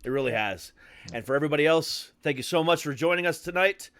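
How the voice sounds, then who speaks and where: Lively-voiced male podcast host. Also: fairly high pitch, fast, dry recording. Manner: laughing, swearing, joking banter. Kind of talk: casual interview chat.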